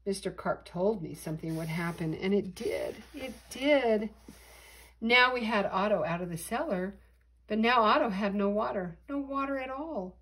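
An older woman reads a picture book aloud with lively expression. Her voice is breathy and soft-edged, at an ordinary middle pitch. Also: moderate pace, rough recording. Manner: expressive, animated reading. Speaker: storyteller. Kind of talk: storybook read-aloud.

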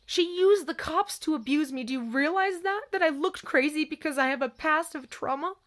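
A young woman vlogger telling a personal story in a distressed, emphatic monologue, her voice swinging between raised cries and low, quiet passages. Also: normal speed.

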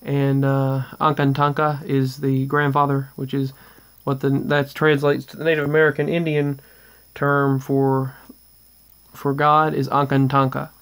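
A man's voice: medium pitch, completely flat delivery, measured pace, fairly bright tone, clean tone. A man earnestly telling a rambling, casual story about paranormal events at home, often restarting his sentences. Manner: rambling, with restarts and trailing asides. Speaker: vlogger.

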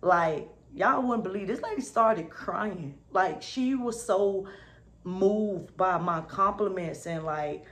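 A woman's voice: medium pitch, takes it slowly, fairly bright tone. A woman vlogging to camera in a casual, upbeat, slangy way, often asking "you feel me". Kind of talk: casual motivational talk to camera.

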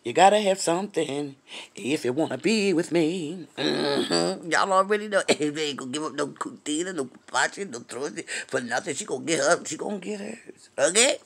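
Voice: medium pitch, expressive, moderate pace, creaky, a bit bright, breathy edge. Vlogger, sassy gossip, drawling, chatty, addresses viewers directly, occasional whispered asides. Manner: drops to a whisper for racy gossip. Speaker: vlogger reacting to a reality show.

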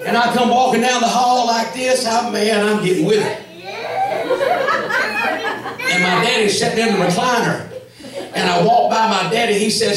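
Folksy preacher in an echoey church. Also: male voice, high voice, moderate pace, pauses often. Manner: humorous, folksy, animated storyteller who acts out quoted voices. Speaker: evangelist preacher. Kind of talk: storytelling sermon. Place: large church sanctuary with congregation. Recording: echoey church hall, mic far off, crowd audible.

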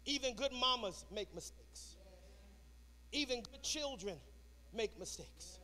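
A man preaching a sermon, shouting in a sing-song cadence in a church sanctuary. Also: very high-pitched, animated, slow. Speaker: pastor.

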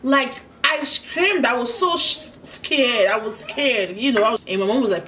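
A woman from Nigeria hosts a relaxed mukbang on her channel, her bright, forceful, higher-pitched voice carrying a Nigerian English accent. She chats through a story, breaking off to eat and hum in enjoyment. The mic is a bit distant, with faint noise behind her.

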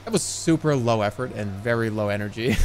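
A male streamer giving casual gameplay commentary, excitable and swearing, with loud shouting outbursts. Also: on the low side, brisk, slight background noise.

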